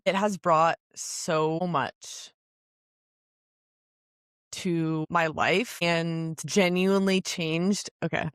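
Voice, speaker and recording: A woman in her twenties hosts a solo podcast in a low-ish voice, talking casually and emphatically with plenty of fillers and little laughs. The recording is studio quality with no echo.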